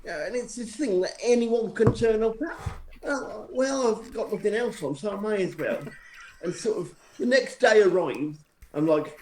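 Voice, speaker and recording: A man's voice: sits high, moderate pace, a little mellow. A man telling a long anecdote to friends on a live stream, rambling and self-deprecating, often restarting his sentences. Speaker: storyteller on a live stream show. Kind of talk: casual anecdotal storytelling. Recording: echoey room with faint noise.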